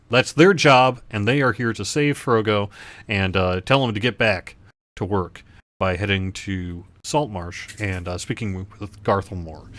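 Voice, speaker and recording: A man with a lowish voice acts as game master for a tabletop game over voice chat. He talks in a hesitant way, with plenty of fillers. The sound is dry and close. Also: fairly bright tone, no echo.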